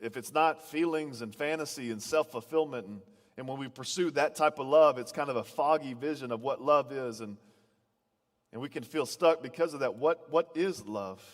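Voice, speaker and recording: A man's voice: mid-range voice, normal speed. Man preaching in a reverberant hall. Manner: conversational storytelling preacher, repeats starting words. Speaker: pastor. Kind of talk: sermon. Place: church auditorium. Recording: long reverb of a large hall.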